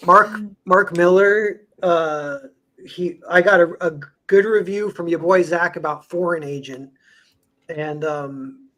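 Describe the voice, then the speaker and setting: A man's voice: a little high, slow pace, a bit bright. A young man co-hosting a casual podcast, rambling with lots of "like" and restarts. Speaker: podcast co-host, comics artist. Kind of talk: casual chat.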